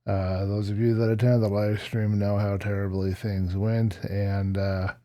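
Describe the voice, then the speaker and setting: Male game host, low mellow voice, dry close sound, rambling and self-deprecating gameplay chat. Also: level tone, a little slow, no echo. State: slight cough. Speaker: Minecraft let's-play host. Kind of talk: casual gameplay commentary.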